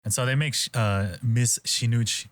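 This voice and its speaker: A man's voice: mid-range voice, normal speed. A man hosting a podcast, chatting casually and retelling scenes with quoted voices, plenty of swearing and loose filler. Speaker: podcast host. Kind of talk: casual chat.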